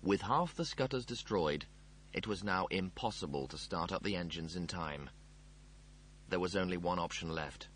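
A man reading a comic novel aloud as narrator, in a wry and expressive storytelling manner. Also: low-pitched, normal speed, slight background noise. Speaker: audiobook narrator. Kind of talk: scripted narration.

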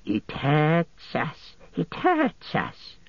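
Hissing, whining Gollum. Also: male voice, fairly high pitch, huge pitch swings, vocal fry, breathy edge, no room sound, voice pushed up, full character voice. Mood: whining pleading. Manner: hissing, wheedling whisper, drawn-out words. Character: wretched hissing male creature, whining and sly. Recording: muffled lo-fi audio.

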